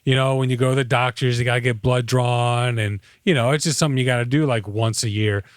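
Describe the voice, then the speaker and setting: A man's voice: medium pitch, fairly even intonation, fast talker, clean tone, dry recording, clean studio sound. A man in his thirties co-hosting a podcast in casual chat, telling rambling stories with lots of fillers. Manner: rambling storyteller, frequent fillers. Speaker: podcast co-host.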